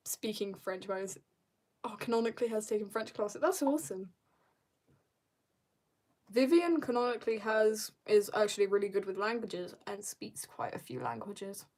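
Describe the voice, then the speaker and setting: Giggly teen girl streamer. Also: a little high. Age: teens. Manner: rambling, self-mocking, giggly storytelling. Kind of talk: casual chat while drawing on a livestream.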